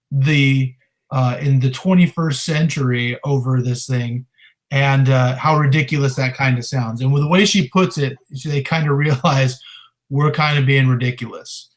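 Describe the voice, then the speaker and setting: A man co-hosting a podcast, talking casually and animatedly about a show and defending his view. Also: mid-range voice. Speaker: podcast co-host. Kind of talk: casual film discussion.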